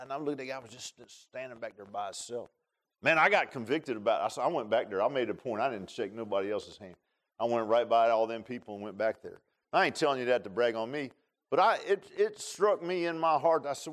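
A man preaching to his congregation in a relaxed, folksy way, leaning on homespun grammar and everyday asides. He tells a long personal story the way a country preacher might from the pulpit. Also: mid-range voice, quick pace. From Northern Virginia. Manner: folksy storytelling with Southern-style colloquial grammar.

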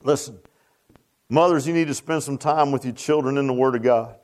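A man's voice: mid-range voice, a little fast, a little mellow. A man preaching a sermon in a folksy, repetitive way that rises to emphatic bursts. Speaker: pastor.

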